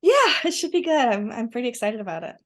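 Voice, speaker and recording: A woman's voice: fairly high pitch, very animated, fast talker, fairly bright tone. A woman chatting as a guest, enthusiastic and rambling with many restarts. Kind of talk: casual conversation.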